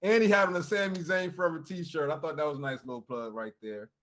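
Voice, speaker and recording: A man co-hosting a casual wrestling podcast, his voice sitting a little higher than most men's. He tells the night's events in an animated, chatty way and slips into quoted voices for the wrestlers. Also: quick pace. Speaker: podcast co-host recapping wrestling. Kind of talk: casual chat.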